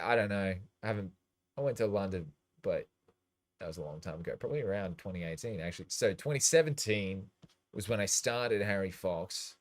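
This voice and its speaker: A man's voice: on the low side, animated, fairly quick. A man hosting a DJ livestream, chatting in a rambling, loose way and swearing casually. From Australia. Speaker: DJ and livestream host.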